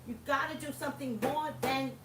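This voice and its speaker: A woman's voice: sits high, steady tone, brisk, echoey room, recorded from a distance, very noisy. A woman hosting a livestream, talking casually and passionately to her viewers, laughing often. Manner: impassioned, preachy, laughs often. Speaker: livestream host.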